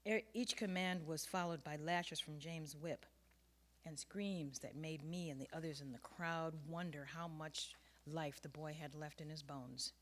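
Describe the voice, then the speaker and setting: A woman author reading her own personal essay aloud in a measured, earnest way. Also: sits low, fairly even intonation.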